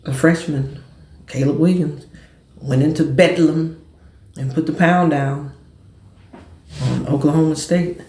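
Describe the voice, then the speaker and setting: Animated gravelly sports talk host. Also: male voice, fairly high pitch, roomy sound. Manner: animated, storytelling, quick bursts. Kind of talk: casual sports and cigar chat.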